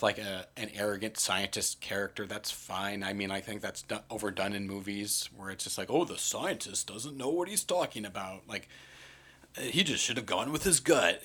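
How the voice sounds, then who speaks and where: A man co-hosting a casual movie podcast, talking animatedly with lots of fillers and acted-out quotes. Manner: animated, many "like" fillers, acts out quotes in jumps of pitch. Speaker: podcast co-host.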